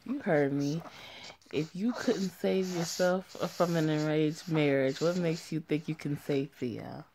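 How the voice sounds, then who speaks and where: A woman's voice: deep voice, unhurried, mellow, a little hiss or hum. Woman voicing a scolding, fierce wife. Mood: upset. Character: fierce, protective wife and mother. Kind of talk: amateur voiced story drama.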